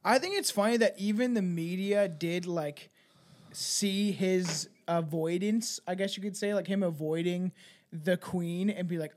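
A man's voice: sits high, measured pace. A man co-hosting a podcast in casual chat, sometimes reading a script aloud, giggly and profane. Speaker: podcast co-host.

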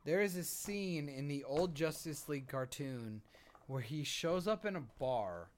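An excitable man gushing over a show, his voice swooping all over the place yet unhurried and drawn out. He is emphatic and swears freely, and thumps the desk near the mic as he talks. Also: a little high, a little hiss or hum. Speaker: podcast co-host. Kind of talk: casual pop-culture chat. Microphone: desk mic, bumped while he hits the desk.

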